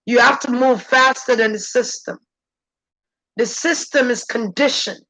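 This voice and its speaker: A woman's voice: steady tone, a little slow, a bit bright, rough recording. A woman speaking as a channeler in an intense, preachy spirit-channeling monologue. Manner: intense, preachy, shifting pitch.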